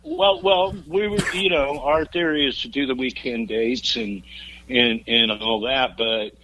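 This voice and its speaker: In a muffled recording, a fiftysomething rock singer guesting on a podcast tells rowdy tales from the road, cracking jokes, cursing and laughing along. He speaks a little slowly at medium pitch, with a pushed, bright quality.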